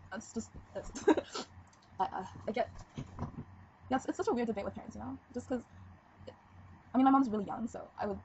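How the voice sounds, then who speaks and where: A woman's voice: a little high, moderate pace, long pauses, warm tone. A seventeen-year-old girl talking frankly in a casual confessional vlog, rambling and giggly. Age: teens. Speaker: vlogger. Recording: dull lo-fi webcam audio with faint noise.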